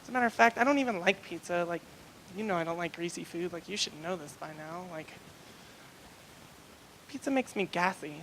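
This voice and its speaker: A cranky, pregnant young wife whines about everything and climbs into a high-pitched shriek. A man puts her on in a stand-up routine. Her voice sits high, and her complaints spiral louder as she goes. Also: brisk, long pauses, slight background noise, rough recording. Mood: whiny. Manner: whiny, complaining, rising to a shriek.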